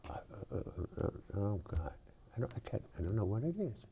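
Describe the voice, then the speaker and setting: Gravelly older Boston man, rambling. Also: fairly low pitch, fairly quick. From South Boston, Massachusetts. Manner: rambling, animated storyteller with many fillers. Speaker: local cable show host. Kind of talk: casual chat.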